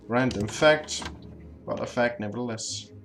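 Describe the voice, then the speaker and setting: A man's voice: mid-range voice, a little slow, vocal fry, over music. A young man hosting a role-playing game playthrough, joking casually and reading in-game dialogue aloud. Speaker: let's play host.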